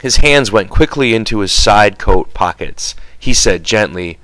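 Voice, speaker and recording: A man narrating a novel as an audiobook reader in a measured, storytelling manner. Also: fairly low pitch, expressive, fairly bright tone, dry recording, poor audio.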